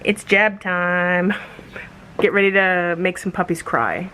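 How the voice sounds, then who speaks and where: A woman's voice: steady tone, slow, bright, forceful tone, slight background noise. Chatty American woman vlogging about rescue dogs. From United States. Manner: chatty, switches to high baby talk with puppies. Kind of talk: casual vlog talk. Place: animal shelter, outdoors.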